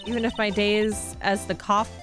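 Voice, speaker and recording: A woman voicing a proud, sharp-tongued woman in a video game, dropping to a cooler, lower, mocking tone. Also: little pitch movement, moderate pace, over music, close to an everyday voice. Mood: haughty.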